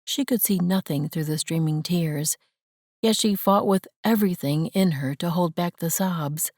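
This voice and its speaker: Woman reading an audiobook slow and steady, lowish voice, dry close mic. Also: dry recording. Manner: measured, gentle storytelling. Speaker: audiobook narrator. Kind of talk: scripted narration.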